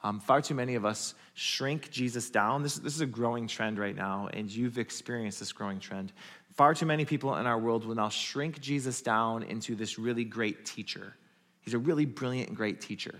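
A man's voice: medium pitch, normal speed, a bit bright. A man preaching a sermon at a church, acting out quoted lines with animation. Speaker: pastor.

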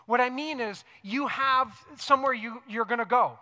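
A man preaching a sermon earnestly, repeating key phrases for emphasis and dropping into soft, reflective tones. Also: very high-pitched, normal speed, in a large hall. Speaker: pastor. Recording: music playing underneath.

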